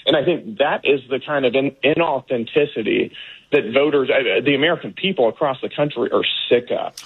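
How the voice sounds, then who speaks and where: A man's voice: medium pitch, brisk, husky. A man from Texas, a political guest giving emphatic commentary with many fillers and restarts. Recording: tinny phone-line audio.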